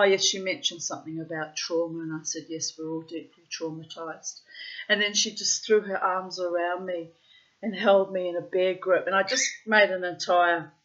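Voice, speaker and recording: A woman telling a story in a casual monologue, animated and theatrical, often laughing. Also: on the low side. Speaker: vlogger. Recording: dull lo-fi sound.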